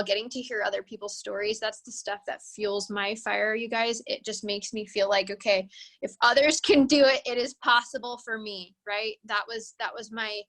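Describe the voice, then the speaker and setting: A woman's voice: medium pitch, fairly bright tone. A woman hosting a team call, upbeat and encouraging, full of praise and pep talk. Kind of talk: motivational group call.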